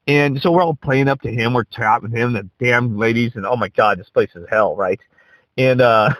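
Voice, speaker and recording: A man's voice: medium pitch, quick pace, no room sound, poor audio. A man telling a rambling, profane anecdote in a casual way, often checking in with "right?". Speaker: storyteller.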